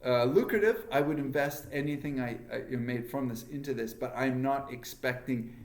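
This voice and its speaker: A man's voice: medium pitch, moderate pace, roomy sound. A man co-hosting a casual podcast, asking questions and answering with short agreeing replies. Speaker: podcast co-host. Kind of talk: casual chat.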